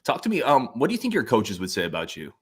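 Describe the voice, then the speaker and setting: Fast-talking male podcast host. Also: mid-range voice, huge pitch swings, husky. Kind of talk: casual interview questions.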